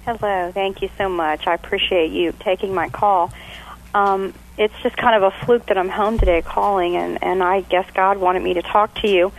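A woman's voice: medium pitch, fairly even intonation, moderate pace, poor audio. A woman calling in to a radio advice show, speaking politely with some hesitation. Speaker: caller. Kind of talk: phone call to radio show.

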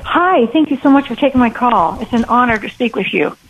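A woman calling in on the phone to a radio show, hesitant and close to tears, with many pauses and fillers. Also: a little high, lively intonation, highs cut off, crowd noise. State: fighting back tears. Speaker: caller. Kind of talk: call-in radio conversation. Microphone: telephone call.

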